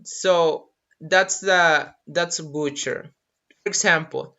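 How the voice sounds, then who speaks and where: An English teacher with Spanish as a first language, leading a live online lesson, drilling vocabulary slowly and repeating phrases with Spanish translations mixed in. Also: mid-range voice, bright, forceful tone. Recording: dull lo-fi webinar audio.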